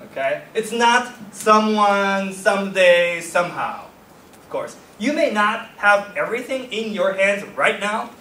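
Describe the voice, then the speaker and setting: A man's voice: high-pitched, a bit bright, slight background noise. A man giving a workshop lecture casually, often checking in with "okay?" and "right?". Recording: echoey hall, voice from far off.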